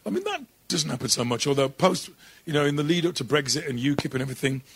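Husky-voiced middle-aged English man, animated storyteller, dry close sound. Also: on the high side, fast talker, dry recording. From England. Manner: animated, slips into voices and laughs while telling stories. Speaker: impressionist guest. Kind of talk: interview storytelling.

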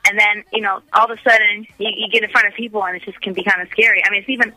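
A very bright, sharp-toned woman from the United States chats as a musician guest, gushing with enthusiasm and restarting her sentences often. Her voice sounds close and dry. She talks in a casual interview style. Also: medium pitch, flat delivery, very fast, no room sound, rough recording. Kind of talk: casual radio interview chat.

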